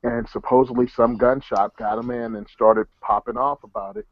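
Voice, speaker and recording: A man's voice: mid-range voice, steady tone, normal speed, muffled recording, slight background noise. Chatty man swapping rumors on a podcast. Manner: joking, rumor-telling, chatty. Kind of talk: casual podcast chat.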